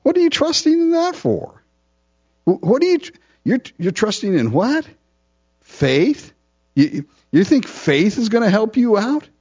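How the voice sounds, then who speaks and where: A man voicing a mocking enemy commander who taunts in a high, sneering tone. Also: huge pitch swings, unhurried, a little mellow, husky, exaggerated voice. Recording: dull lo-fi recording.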